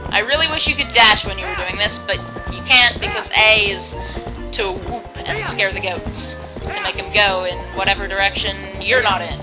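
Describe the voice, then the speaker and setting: A woman hosting a casual video game playthrough, chatty and self-mocking, now and then bursting into loud shouts. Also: mid-range voice, normal speed, rough recording. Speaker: let's play host. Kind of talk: casual gameplay commentary. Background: video game music.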